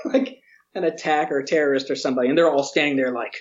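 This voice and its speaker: A man telling a lively story in an interview, acting out what people said and laughing often. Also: fairly high pitch, fast talker, highs cut off. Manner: animated storyteller, acts out quotes, laughs often. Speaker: interview guest, museum educator.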